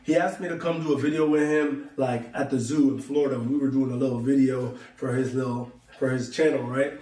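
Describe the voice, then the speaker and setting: A man's voice: medium pitch, fairly even intonation, fairly quick, mellow, reverberant, distant mic, slight background noise. A young man telling a long story to his viewers in loose slang, acting out both sides of each conversation. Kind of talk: casual storytelling to camera.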